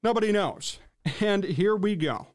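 A man's voice: high-pitched, expressive, measured pace. A man hosting a sports talk show, ranting in an exasperated, sarcastic way and reading out chat comments.

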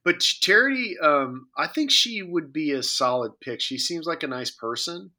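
A man's voice: on the high side, lively intonation, normal speed, sharp tone. A man co-hosting a podcast in casual chat, joking and rambling with many fillers and restarts. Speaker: podcast co-host.

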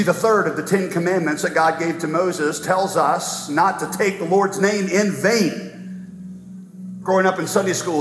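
A man preaching a sermon as pastor, earnest, with slow dramatic emphasis and touches of light humor. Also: a little high, a bit bright, a little hiss or hum. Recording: reverberant hall with faint music.

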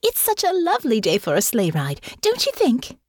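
A woman voicing an earnest young noblewoman who talks brightly and eagerly. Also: a little high, wildly swooping pitch, moderate pace, no room sound, studio quality, pitched above the performer's own voice.

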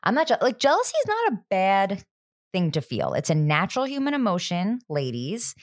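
A woman's voice: mid-range voice, huge pitch swings, fairly quick, no room sound, studio quality. A woman co-hosting a casual podcast, recapping a TV show with jokey, sarcastic asides and casual swearing. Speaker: podcast co-host.

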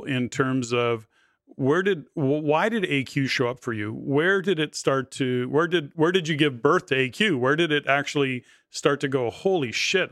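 A man's voice: medium pitch, fairly bright tone, dry recording, studio quality. Casual male podcast host asking questions. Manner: loose, self-correcting questioner. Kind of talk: casual interview chat.

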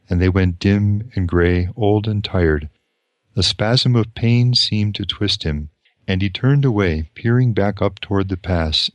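Deep-voiced priest reading slowly. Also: male voice, no echo. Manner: slow, measured, with pauses. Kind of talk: reading aloud and reflecting on a novel.

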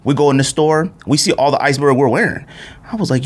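A man in his thirties from Arizona, hosting a podcast and telling a casual story, acting out the people he quotes. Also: quick pace. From Arizona, USA. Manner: animated storyteller acting out quotes with big pitch jumps. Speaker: podcast host.

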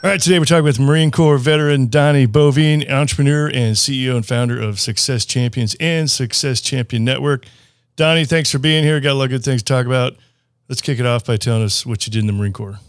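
A man's voice: medium pitch, quick pace, no room sound, studio quality. A middle-aged man hosting a podcast interview, asking questions in a friendly, laid-back way. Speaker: podcast host.

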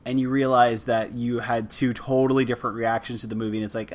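Brief: male podcast host, mid-pitched, casual and rambling, trips over his words. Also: little pitch movement, fast talker. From Canada. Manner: rambling, self-deprecating, stumbles and restarts often. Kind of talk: casual interview chat.

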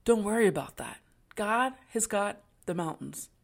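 A woman's voice: mid-range voice, animated, moderate pace, gravelly. A woman hosting a faith podcast, talking in an earnest, encouraging way with casual slang. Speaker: podcast host.

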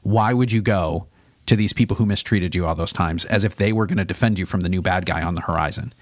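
A man, a pastor co-hosting a podcast, talking through a Bible chapter in a thoughtful, casual way that turns animated when he voices God's questions. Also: low voice, fast talker, no room sound, studio quality.

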